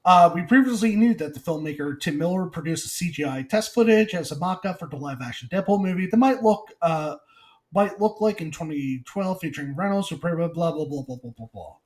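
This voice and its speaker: Man, podcast co-host, lively swinging voice, casual chat, reads news aloud. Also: high-pitched, brisk. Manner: animated, laughing, reads news items aloud.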